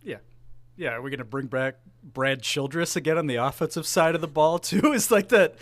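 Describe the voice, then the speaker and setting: A man co-hosting a casual sports podcast, excitable and jokey, often breaking into laughter. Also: fairly high pitch, moderate pace. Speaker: podcast co-host.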